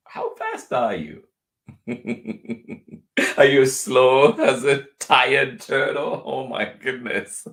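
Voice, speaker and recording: A man reads a picture book to children at a very slow, unhurried pace. His pitch rises and falls a great deal, and he plays with the words. At times he sinks into a soft whisper. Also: gravelly. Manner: playful, expressive, drops to whispers. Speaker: children's story time host.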